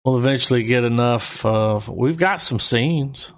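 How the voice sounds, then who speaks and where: A man's voice: medium pitch, measured pace. Rambling, profane man chatting casually. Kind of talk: casual chat.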